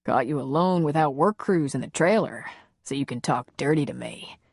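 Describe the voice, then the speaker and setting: Woman playing a low-voiced, teasing romance hero, slow and flirty. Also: a little mellow, breathy edge, dry recording, studio quality.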